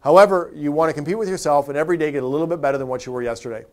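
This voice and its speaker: Fast-talking motivational speaker man. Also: fairly high pitch. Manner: conversational, anecdotal with many restarts. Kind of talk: storytelling motivational tip.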